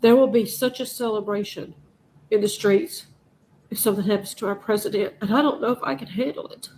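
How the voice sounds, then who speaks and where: A woman's voice: mid-range voice, fairly quick, darkish tone, slight background noise, poor audio. A woman vlogger delivering an impassioned, profane rant straight to her audience. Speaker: news vlogger. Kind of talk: emotional monologue to camera.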